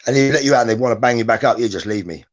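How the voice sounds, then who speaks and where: A man talking as a guest in casual chat, emphatic and halting, restarting his sentences often. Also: mid-range voice, muffled recording. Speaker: podcast guest, former prisoner.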